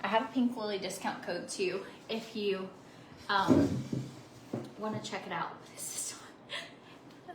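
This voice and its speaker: A woman's voice: mid-range voice, takes it slowly, pauses often. A chatty woman in her thirties talks casually to her viewers, bubbly and rambling, with little laughs between thoughts. Her voice sits in a mid range and bounces around an echoey home office. A faint ambient hum stays under it. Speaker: vlogger. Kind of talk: casual chat to camera.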